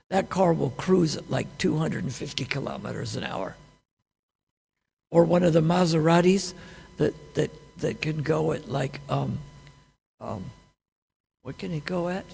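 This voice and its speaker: A man's voice: on the high side, creaky, darkish tone, slightly rough. A man giving a scripture class, teaching conversationally with many rhetorical questions. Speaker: class speaker. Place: temple hall. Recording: long hall reverb.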